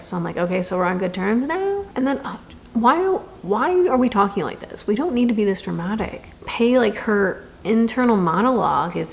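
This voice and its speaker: A woman's voice: mid-range voice, expressive, moderate pace, gravelly, a little hiss or hum. A young woman reviewing a book in a casual vlog, reading quotes aloud dramatically and answering them with sarcastic, exasperated asides.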